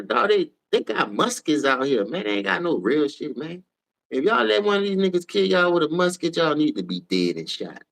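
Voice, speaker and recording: Man, New Orleans accent, slightly low voice, tired, profane heated rant, casual livestream. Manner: profane, heated, jumps between mumbling and shouting. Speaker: livestream sports host.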